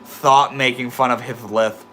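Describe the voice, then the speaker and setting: A man's voice: mid-range voice, steady tone, takes it slowly, pushed and bright, a little hiss or hum. A young man with a slight lisp, talking casually to his livestream chat, laid-back and swearing freely. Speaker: livestream host reading chat.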